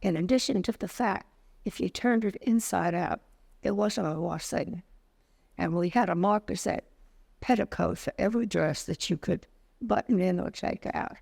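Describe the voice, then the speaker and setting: An older woman in an interview, telling lively anecdotes about her past and acting out the people in them. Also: on the low side, moderate pace. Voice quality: creaky. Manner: lively anecdotal storytelling, acts out quoted dialogue. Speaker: interviewee, retired business owner. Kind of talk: storytelling interview.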